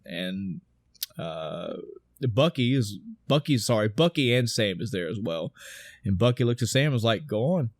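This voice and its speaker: A man co-hosting a podcast, excitedly retelling a film scene by scene, swearing and acting out the dialogue. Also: on the low side, normal speed, dry recording, clean studio sound. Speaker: podcast co-host. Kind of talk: casual film discussion.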